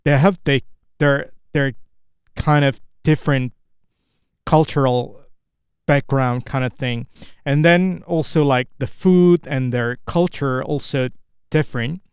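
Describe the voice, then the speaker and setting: A young Indonesian man with an Indonesian accent, practicing spoken English alone in a vlog. He talks in a halting way, stopping and restarting often as he searches for words. His voice is smooth and resonant, and it is recorded close and dry, with no room sound. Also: medium pitch, steady tone, dry recording. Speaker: English learner. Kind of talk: solo speaking practice.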